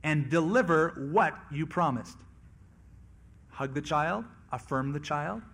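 A man's voice: a little high, lively intonation, takes it slowly, a bit bright. A man preaching a sermon on scripture in a conversational way, sometimes acting out the people he quotes. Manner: conversational, acts out quoted voices. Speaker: pastor.

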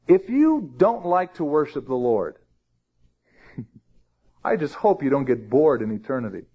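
A man's voice: mid-range voice, very animated, a little slow, pauses often, slightly rough. A man teaching through a Bible passage in a conversational way, stressing key phrases with rising emphasis. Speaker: pastor. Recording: dull lo-fi sermon recording.

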